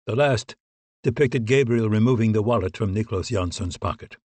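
Husky, low-voiced male narrator. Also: normal speed, no echo. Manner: steady, even storytelling. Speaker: audiobook narrator. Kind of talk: scripted narration.

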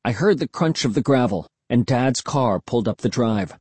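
A man narrating a first-person storybook in an expressive, tense storytelling manner. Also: medium pitch, normal speed, slightly rough, no room sound. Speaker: audiobook narrator.

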